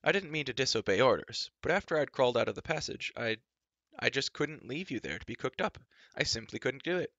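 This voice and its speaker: A man voicing an eager, excitable young prince who gushes in a storybook reading. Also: mid-range voice, fairly quick, no room sound, dull audio, voice pushed up. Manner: breathless, gushing.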